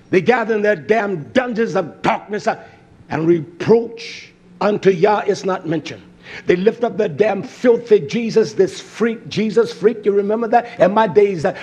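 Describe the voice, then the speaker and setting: A man preaching a fiery sermon, blunt and cursing freely, swinging from shouts to hushed tones. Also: sits high, slightly rough.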